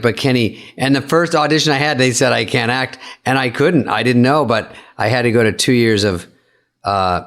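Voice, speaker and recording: A male comedian in casual podcast chat, rambling with halting restarts and self-deprecating asides. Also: mid-range voice, a bit bright. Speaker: comedian co-host.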